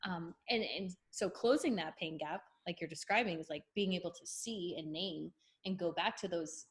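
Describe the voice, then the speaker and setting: Brief: American woman, lower-pitched guest voice, reflective and steady, explains at length like a therapist. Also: normal speed. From United States. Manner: thoughtful, flowing explanations in a therapeutic tone. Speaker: podcast guest. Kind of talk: reflective podcast conversation.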